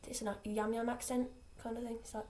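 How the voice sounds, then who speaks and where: A woman's voice: on the high side, little pitch movement, brisk, a little mellow. A teenage girl from England chatting aimlessly in a casual vlog, full of fillers and restarts. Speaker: vlogger. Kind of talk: rambling casual vlog chat.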